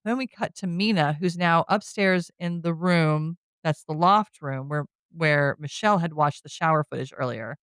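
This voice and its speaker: Her deep, slightly bright voice is clean in tone, with a moderate pace, few pauses, and no room sound. As a podcast host, she retells a horror movie scene by scene in a chatty, casual recap, dropping "you know" and "like" frequently.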